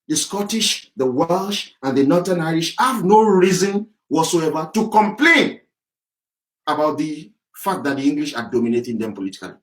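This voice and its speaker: A man's voice: a little high, expressive, normal speed, poor audio. A man from southwest Nigeria, delivering an angry, emphatic political monologue as a campaigner. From southwest Nigeria (Yorubaland). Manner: angry, ranting, emphatic, repetitive.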